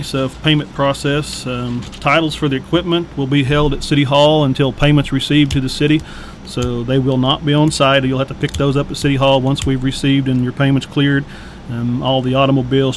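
A man, a city staff guest on local radio, giving plain, steady information. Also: mid-range voice, a little hiss or hum. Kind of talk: casual radio chat.

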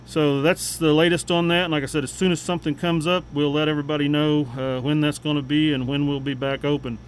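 A man speaking as a city official on a local radio talk segment, plain and unhurried with many fillers. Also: on the high side, little pitch movement, slight background noise, rough recording. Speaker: city official giving updates.

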